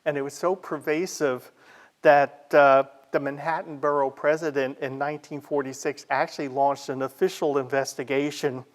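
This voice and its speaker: A man with a slightly raised voice leads an informal history talk. He is conversational and easygoing, pausing on fillers and adding remarks as he moves through his material. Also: fairly high pitch, level tone. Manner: chatty, with frequent "uh" fillers and asides. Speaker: library history presenter.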